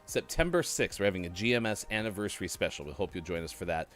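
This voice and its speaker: Lively low-voiced male co-host. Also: fast talker, faint music behind. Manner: relaxed, joking, reads from a list. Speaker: morning show co-host. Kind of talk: casual chat, reading news items.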